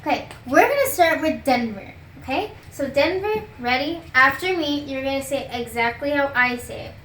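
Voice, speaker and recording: A young woman in a comedy sketch, playing a teacher who spells out words slowly with exaggerated patience. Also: high voice, lively intonation, a bit bright, reverberant, slight background noise. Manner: exaggerated, patient-then-exasperated teacher delivery, stretches out words.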